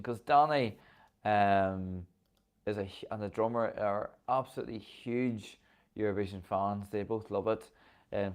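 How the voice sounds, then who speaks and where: A man's voice: on the low side, a little mellow, clear, resonant tone. A man with a Northern Irish accent hosting a casual video, chatting enthusiastically with frequent ums. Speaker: host. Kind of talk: casual chat to camera.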